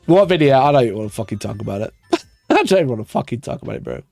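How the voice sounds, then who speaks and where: A man's voice: medium pitch, sing-song, rapid-fire, vocal fry, darkish tone, no room sound, soft background music. A man ranting on a casual livestream, exasperated and sarcastic, swearing often and laughing at himself. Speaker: wargaming YouTuber reacting to a video.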